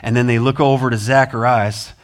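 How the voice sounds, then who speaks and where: A man's voice: medium pitch, steady tone, a little fast. Man preaching a sermon. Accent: American. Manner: earnest preaching with rising emphasis. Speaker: pastor. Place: church sanctuary.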